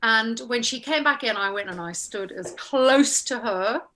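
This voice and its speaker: A woman actress telling an anecdote in an interview, animated and acting out the people she quotes. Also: a little high, a little slow.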